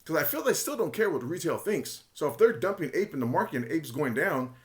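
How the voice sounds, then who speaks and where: A man's voice: a little high, sing-song, fairly quick. A man talking casually and emphatically in a monologue, sharing his opinions as a retail investor commentator, often repeating himself and speculating.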